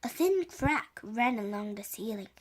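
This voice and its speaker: A woman reading a children's chapter book aloud, halting now and then with slips and restarts. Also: fairly high pitch, lively intonation. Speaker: reader.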